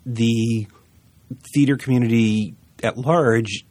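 A man interviewing an actor, asking careful, measured questions. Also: medium pitch, steady tone, a little mellow.

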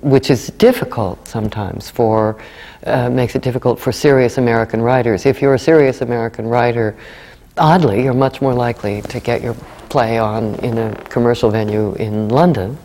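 A woman with a dark, mellow voice talks in a halting interview style, full of pauses and restarts. Her words ring out with a long reverb, as if she is in a large hall. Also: extremely low pitch, steady tone. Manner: hesitant, many fillers and restarts. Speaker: guest actor. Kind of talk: conversational interview.

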